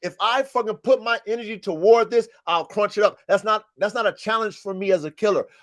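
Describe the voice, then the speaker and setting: A dog breeder hosts a casual livestream podcast about dogs, preaching in a profane, emphatic way. His voice sits high and moves briskly.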